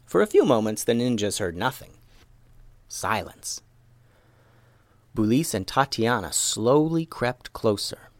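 Guy reading a kids story, lively up and down voice, dry close sound. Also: medium pitch, measured pace, pauses often, no room sound. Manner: animated, expressive reading. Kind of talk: children's story narration.

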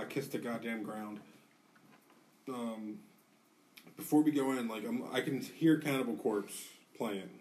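A man's voice: medium pitch, distant mic. A man co-hosting a podcast, telling a rowdy story in a casual way. He swears a lot and acts out what people said. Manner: animated, profane, acts out quotes. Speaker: podcast co-host.

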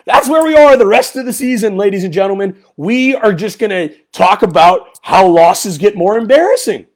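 Frustrated high-voiced man ranting on sports. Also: animated, moderate pace. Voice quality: voice goes high when angry. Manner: frustrated, sarcastic, repeats a player's name for emphasis. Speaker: podcast host. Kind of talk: solo sports podcast rant.

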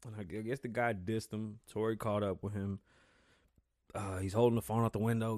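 A man hosting his own podcast, talking loosely and excitably, swearing often and stumbling over words. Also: fairly low pitch, brisk, dry recording, studio quality. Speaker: podcast host. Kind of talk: casual solo podcast talk.

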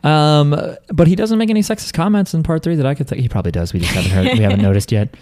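A man's voice: fairly high pitch, rapid-fire, darkish tone. A man hosting a podcast in casual chat, rambling and reading listener emails aloud. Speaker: podcast host.

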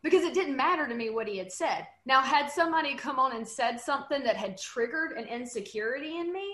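A woman's voice: high voice, fast. A woman chatting on a panel, telling stories and acting out what people said. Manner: animated storyteller, acts out quotes. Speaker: panel guest. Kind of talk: casual panel chat. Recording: roomy echo.

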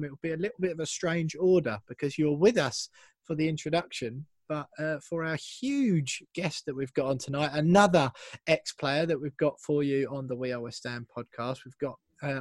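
A man hosts a fan podcast in a chatty, teasing way, reading out listener messages with relish. His voice sits a little high. The recording is dry, with no room sound. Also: darkish tone, no echo. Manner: chatty, playful, reads listener messages aloud. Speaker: podcast host. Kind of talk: casual podcast chat.

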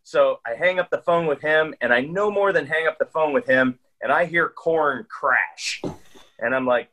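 A man's voice: fairly high pitch, normal speed, bright, forceful tone, rough recording. A man telling a long hunting story in casual chat, rambling along with frequent restarts and fillers. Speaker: guest hunter.

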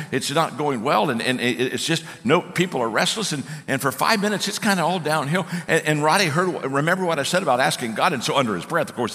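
A middle-aged man preaching a sermon, telling stories with lots of restarts and repeated words. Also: fairly high pitch. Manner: animated storytelling with frequent restarts. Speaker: speaker and coaching company owner. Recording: long hall reverb.

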